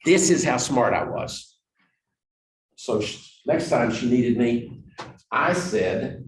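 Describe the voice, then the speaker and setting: A man giving a storytelling presentation on negotiation, swinging between loud emphasis and quiet asides. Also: mid-range voice, expressive, slow pace, a little hiss or hum. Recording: echoey room, distant mic.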